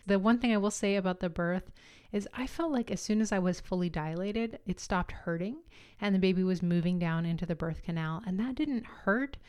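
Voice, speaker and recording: A woman, likely in her thirties, casually telling her own story, candid and animated, acting out what people said. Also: mid-range voice, brisk, clear, resonant tone. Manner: candid, animated, acts out quotes with laughs. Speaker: podcast host telling her birth story.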